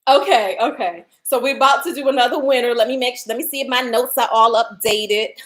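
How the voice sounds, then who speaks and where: A woman's voice: fairly high pitch, a little fast. A woman, hosting a casual livestream giveaway from home, chatting, laughing and reading out viewer comments. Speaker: livestream host running a giveaway.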